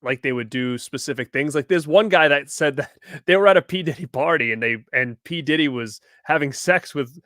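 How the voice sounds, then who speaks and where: A man's voice: on the high side, moderate pace, a bit bright, no echo, studio quality. A man co-hosting a casual livestream, rambling and incredulous, laughing often over a video call. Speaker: co-host.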